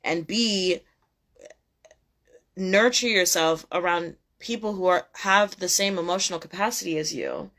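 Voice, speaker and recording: A woman's voice: on the low side, unhurried, a bit bright. A young woman giving a casual tarot reading, blunt and profane, repeating her points emphatically. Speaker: tarot reader.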